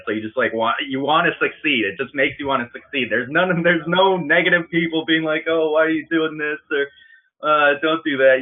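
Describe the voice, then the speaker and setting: Upbeat rambling man on a tinny line. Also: low-pitched. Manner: rambling, upbeat, laughs often. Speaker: webinar presenter. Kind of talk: casual motivational talk.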